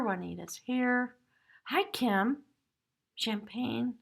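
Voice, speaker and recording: A woman hosting a tarot live stream from her home, musing earnestly and spiritually in a casual way, sometimes dropping to a hushed aside. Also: fairly high pitch, slow pace, vocal fry. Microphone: device camera.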